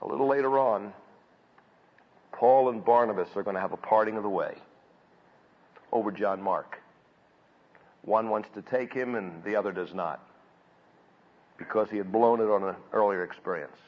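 A man preaching a sermon from scripture, building up to loud emphatic peaks and then dropping back low. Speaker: pastor. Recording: dull audio with long hall reverb.

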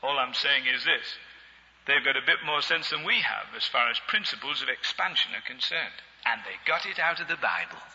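A man's voice: mid-range voice, normal speed, long reverb tail, lo-fi sound. A man preaching a sermon with humor, chuckling and talking to his congregation. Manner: humorous, animated, chuckling asides.

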